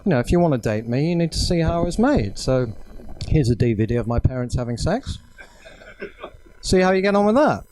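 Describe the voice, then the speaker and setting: A man's voice: a little high, sing-song, a little fast, a little mellow, a little hiss or hum. A man doing a self-deprecating stand-up set, full of ums. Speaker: stand-up comedian. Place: small cafe venue, indoors.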